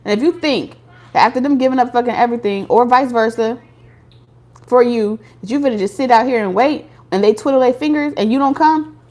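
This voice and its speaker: A woman's voice: on the high side, brisk, a little mellow. A woman doing a casual tarot reading for viewers, talking bluntly with slang and profanity. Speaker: tarot reader.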